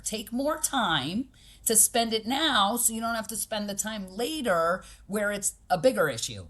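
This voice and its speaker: A woman speaks as a guest in a conversational interview, direct and pragmatic in her manner. Her voice sits at a medium pitch. She puts emphasis on her points and acts out the people she quotes as she goes. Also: animated, normal speed, a bit bright. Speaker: podcast guest, boxing gym owner.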